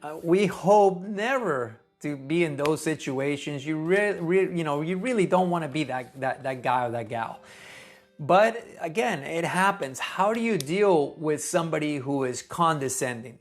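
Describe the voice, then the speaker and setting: A man, a neonatologist, giving earnest, conversational teaching advice in a gentle tone. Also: a little high, lively intonation, measured pace, faint music behind. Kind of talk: casual teaching talk.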